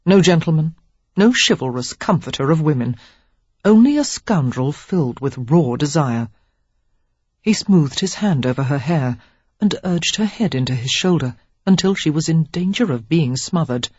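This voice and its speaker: Expressive audiobook narrator, husky voice. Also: mid-range voice, normal speed, dry recording, dull audio. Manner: expressive, lively reading. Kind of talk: scripted novel narration.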